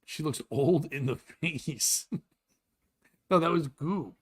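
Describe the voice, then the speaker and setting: A man hosting a comedy podcast, ranting in a loud, exasperated and profane way. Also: on the high side, slow pace, breathy edge. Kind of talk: crude comedic rant.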